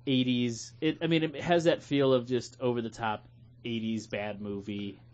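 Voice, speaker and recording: A man's voice: mid-range voice, steady tone, normal speed, a little mellow, dull audio. A man hosting a podcast, bantering loosely and laughing with friends. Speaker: podcast host. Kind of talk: casual podcast chat.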